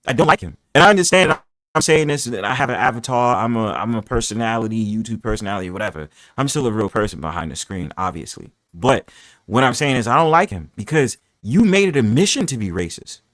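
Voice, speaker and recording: A man hosting a casual live-stream panel chat, talking in a brash, profane, animated way full of boastful trash talk. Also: mid-range voice, quick pace, no echo. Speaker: livestream panel host.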